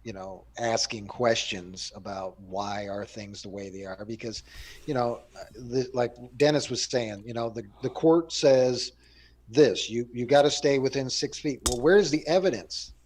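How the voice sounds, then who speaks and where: Rambling man host, mid-pitched. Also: a little slow, a little mellow, slight background noise. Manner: rambling, many fillers and restarts. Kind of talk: casual panel chat.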